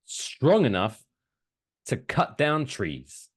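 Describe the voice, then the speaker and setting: A man's voice: mid-range voice, big pitch swings, drawn-out words, slightly rough. A man co-hosting a casual podcast, sarcastic and swearing freely, joking about the news. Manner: sarcastic, swearing, does silly voices. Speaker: podcast co-host.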